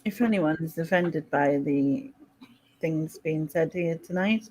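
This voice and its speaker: A woman hosting a casual chat with friends, chatty and quick to laugh at herself. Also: deep voice, a little mellow, a little hiss or hum, low-quality recording. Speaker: host.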